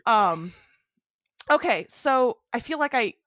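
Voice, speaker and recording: A woman co-hosting a casual TV recap podcast, animated and quick to laugh as she quotes favorite lines. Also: fairly high pitch, no room sound, studio quality. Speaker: podcast co-host.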